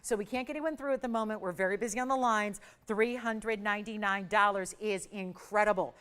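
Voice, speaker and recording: A middle-aged woman hosting a live TV jewelry sale, pitching in an upbeat, persuasive and urgent way. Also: a little fast, fairly bright tone, clean tone. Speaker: shopping channel host. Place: TV studio.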